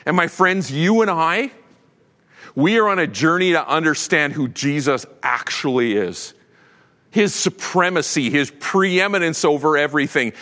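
A man preaching a sermon with animated delivery, swinging from loud proclamation to hushed tones. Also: a little high, big-room sound. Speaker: pastor.

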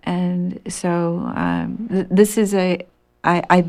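Woman guest, low and gravelly, storyteller who slips into breathy hushed bits. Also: big pitch swings, takes it slowly. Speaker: radio show guest. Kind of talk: storytelling on a call-in show.

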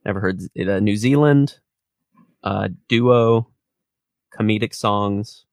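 A man co-hosting a podcast in relaxed casual chat, chuckling often. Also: fairly low pitch, takes it slowly, vocal fry, no room sound, clean studio sound. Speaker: podcast co-host.

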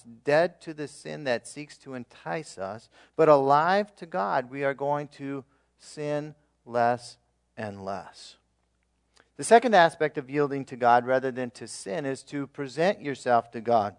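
A man preaching a sermon as pastor, earnestly leading his congregation in repeated declarations, with emphatic swings in loudness and occasional fillers. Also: medium pitch, smooth.

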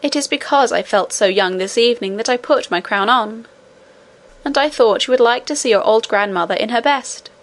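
A woman reading the part of an ancient, wise great-great-grandmother who speaks calmly and tenderly. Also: a little high, moderate pace, close to an everyday voice. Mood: gentle. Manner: calm, tender, gently admonishing.

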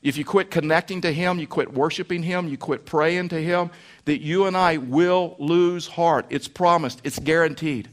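A man's voice: fairly high pitch, moderate pace. Folksy man preaching a sermon. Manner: folksy storytelling preacher, repeats phrases for emphasis. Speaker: pastor.

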